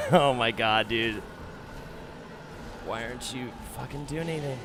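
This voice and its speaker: A man streaming a video game, chatting casually, swearing freely and reacting loudly to the gameplay. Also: medium pitch, measured pace, a little hiss or hum. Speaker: Twitch streamer.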